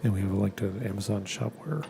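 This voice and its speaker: A man's voice: on the low side, fast talker, vocal fry, noisy background. A man assisting a live painting tutorial, making dry, joking play-by-play asides. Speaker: co-host and helper.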